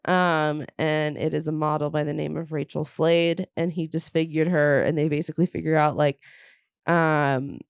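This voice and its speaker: A young woman hosting a podcast, casually recapping a movie as an animated storyteller who swears freely and laughs a lot. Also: low voice, normal speed, creaky, clear, resonant tone, dry recording. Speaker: podcast host.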